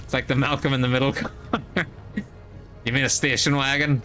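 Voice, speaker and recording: A young man streaming live, tipsy and chatting casually in a rambling, excitable way, full of restarts. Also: medium pitch, a little fast, faint music behind.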